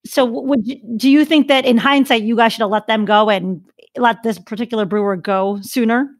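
A woman's voice: on the high side, fairly quick, no room sound. Woman host asking questions, dry sound. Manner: thoughtful, asks long framed questions. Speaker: interview host. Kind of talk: interview questions.

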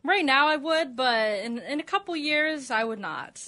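A woman joining radio banter, hesitant and halting with many fillers. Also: sits high, animated, bright, forceful tone.

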